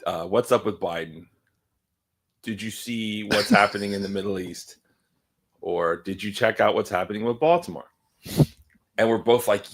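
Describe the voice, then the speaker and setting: Man clearing his throat, chatting casually. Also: fairly low pitch, measured pace, pauses often, background noise. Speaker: co-host and producer. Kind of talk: casual chat.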